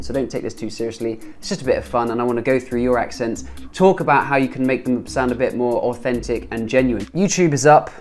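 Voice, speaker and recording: A British man talking casually on his video channel, coaching viewers' accents and repeating sounds to demonstrate them. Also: medium pitch.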